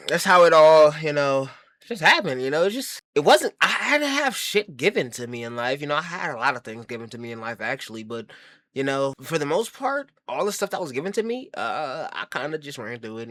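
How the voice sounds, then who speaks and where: A man's voice: on the high side, sing-song, fairly quick, pushed and bright, no room sound, studio quality. A man giving a comedic monologue, bragging in a brash, profane, mock-grandiose way and rambling through self-interrupting asides. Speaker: comedy commentary host.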